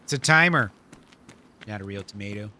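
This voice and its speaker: Chill guy streaming a game, bright tense voice, cusses a lot, chuckles at chat. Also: lowish voice, lively intonation, moderate pace, a little hiss or hum. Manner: laid-back, swears a lot, chuckles often. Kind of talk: casual live-stream chat with viewers.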